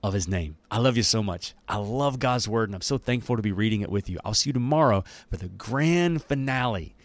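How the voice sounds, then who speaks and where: Low-voiced, upbeat Bible teacher man. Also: animated, brisk, dry recording. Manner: enthusiastic, conversational, with laughs and asides. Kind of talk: daily Bible-reading devotional.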